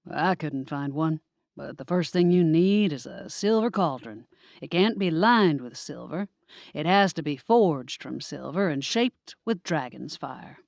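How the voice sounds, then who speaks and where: A woman's voice: low voice, lively intonation, a little slow, vocal fry, a little mellow, no echo, exaggerated voice. Woman voicing a blunt, exasperated man. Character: frustrated gruff man, blunt.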